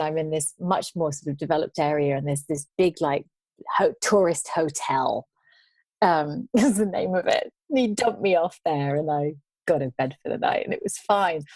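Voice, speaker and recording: A woman guest on a podcast, telling travel stories in casual conversation, animated and laughing now and then. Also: fairly low pitch, no room sound.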